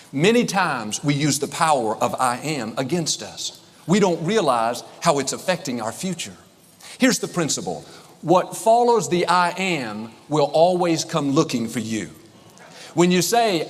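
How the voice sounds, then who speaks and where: A middle-aged man preaching a sermon, upbeat and emphatic, drawing out affirmations slowly. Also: a little high, lively intonation. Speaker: pastor. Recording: long hall reverb, faint noise.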